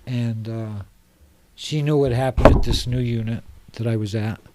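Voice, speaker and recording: A man's voice: medium pitch, fairly even intonation, moderate pace, very noisy. A middle-aged man from Salt Lake City, a podcast guest speaking earnestly and passionately in a loose, rambling way. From Salt Lake City, Utah. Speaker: guest, homeless advocate. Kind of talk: casual podcast conversation. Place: podcast studio.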